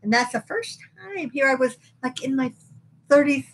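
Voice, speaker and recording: A woman's voice: high-pitched, expressive, moderate pace, slight background noise. A middle-aged woman co-hosting a live podcast, chatting casually and telling stories with little repeats. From western United States. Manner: chatty storyteller, repeats words while telling anecdotes. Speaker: podcast co-host. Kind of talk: casual chat.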